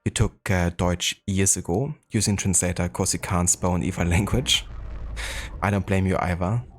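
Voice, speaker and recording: A German-accented man hosting a live game stream, his voice sitting very low and deep. He talks in a relaxed, easygoing way, greeting viewers and thinking aloud with plenty of small fillers. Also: moderate pace, a little hiss or hum. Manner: laid-back, chatty, greets viewers, frequent fillers. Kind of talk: casual live-stream chat.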